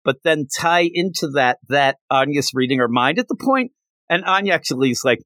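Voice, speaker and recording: A man's voice: fairly high pitch, lively intonation, normal speed, bright, forceful tone, dry recording. Rambling man recapping comics, dry sound. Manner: enthusiastic, rambling retelling. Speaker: podcast host. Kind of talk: casual manga chapter recap.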